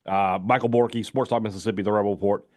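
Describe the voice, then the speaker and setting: A man's voice: on the low side, steady tone, fast, a little mellow, dry recording, studio quality. A man hosting a sports talk radio show, reading sponsor ads in a loose, chatty way full of fillers. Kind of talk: casual radio talk with live ad reads.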